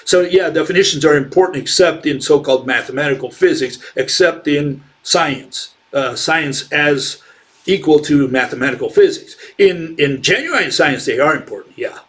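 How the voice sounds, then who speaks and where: Scornful man arguing, fairly high voice. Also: normal speed, a bit bright. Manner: scornful, argumentative, with rhetorical questions and many fillers. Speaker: channel host. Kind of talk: unscripted commentary.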